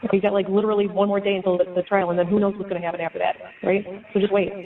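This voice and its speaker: A woman's voice: mid-range voice, little pitch movement, very fast. A woman talking on a phone with a relative in jail, reassuring and urging patience. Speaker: family member taking the call. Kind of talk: casual phone chat. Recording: tinny phone line with faint noise.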